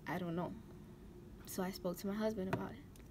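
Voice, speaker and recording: A young woman talking through her tears while doing her makeup on camera, halting and restarting often. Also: mid-range voice, steady tone, noisy background. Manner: tearful, halting, many restarts and fillers. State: close to tears. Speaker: beauty vlogger. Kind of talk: emotional talk during a makeup tutorial.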